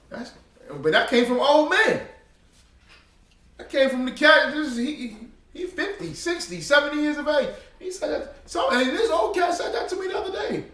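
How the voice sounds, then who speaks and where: A man's voice: very high voice, animated, normal speed. Emphatic preacher man in an echoey room. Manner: emphatic, rising to loud exhortation; casual slang and rhetorical questions. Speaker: preacher teaching a religious group. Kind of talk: street-style sermon. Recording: echoey room, far from the mic.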